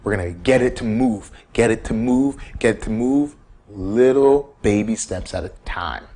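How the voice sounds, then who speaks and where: A man giving casual, animated self-care advice, repeating key points and coaching the listener. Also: lowish voice, normal speed. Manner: animated, repetitive coaching, acts out quoted inner voices. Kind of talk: casual instructional talk.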